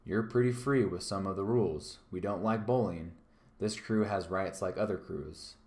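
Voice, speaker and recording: A man's voice: low-pitched, moderate pace, a little mellow, close to an everyday voice. A man voicing a rebellious pirate crewman who insists on his rights with mock politeness, in an echoey room. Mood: insistent.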